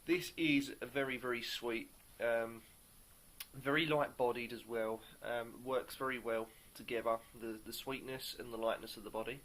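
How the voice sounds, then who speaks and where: A man's voice: medium pitch, fairly even intonation, moderate pace, fairly bright tone. Upbeat, hesitant man reviewing beer. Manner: hesitant, searching for words; upbeat and enthusiastic. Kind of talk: casual video review.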